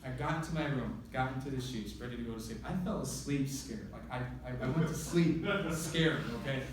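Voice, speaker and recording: A man doing stand-up, telling a rambling, excitable story and acting out his own dialogue on a comedy club stage. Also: mid-range voice, fairly quick, a crowd in the background. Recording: very echoey room, mic from far off.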